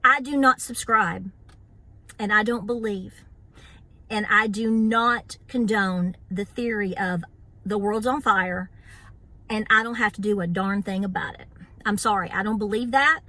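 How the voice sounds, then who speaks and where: A woman's voice: medium pitch, a little slow, bright, forceful tone. A middle-aged woman, hosting a homestead vlog and ranting bluntly with a sassy edge, laughing often. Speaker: homestead channel host. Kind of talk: opinionated casual vlog rant.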